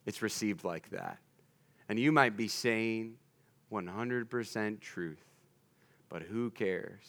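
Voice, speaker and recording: A man's voice: fairly low pitch, takes it slowly, fairly bright tone. A young man preaching a sermon in a conversational way, with jokey asides to the congregation.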